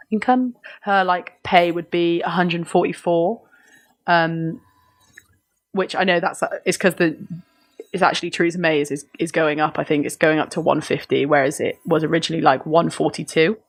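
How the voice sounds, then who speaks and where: Brief: woman, podcast co-host, very low voice, chatty and halting, laughs a lot. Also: fairly even intonation. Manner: hesitant, lots of ums, laughs often. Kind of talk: casual chat.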